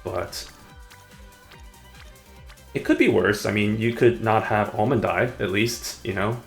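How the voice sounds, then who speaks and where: Gravelly low-voiced male game streamer. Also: slow, soft background music. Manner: rambling, muttering to himself, chuckling. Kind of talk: casual live gameplay chat.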